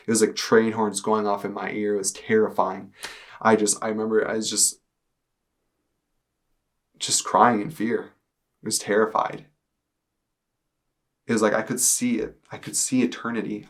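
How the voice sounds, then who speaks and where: A young man telling his personal testimony in earnest, halting speech with many fillers. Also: lowish voice. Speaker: testimony speaker.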